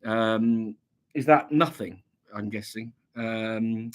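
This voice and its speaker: Still getting over an illness, a man from England keeps a slight cough while hosting a laid-back livestream. His mid-range, slightly bright voice moves at a measured pace as he reads chat aloud and answers with frequent ums and false starts.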